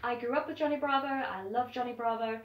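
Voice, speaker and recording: A young woman vlogs at home, chatting to the camera in a casual, upbeat manner. Her voice is slightly high and quick, and the lo-fi recording sounds roomy and distant, as if captured from across the room indoors.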